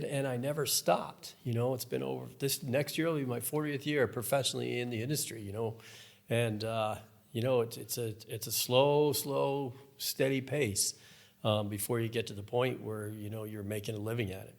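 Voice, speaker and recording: A man's voice: mid-range voice, moderate pace, vocal fry. A man in his fifties, a professional angler, telling stories in a casual podcast conversation and acting out the people in them. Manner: storytelling, animated, acts out voices. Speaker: guest, professional fly fishing angler.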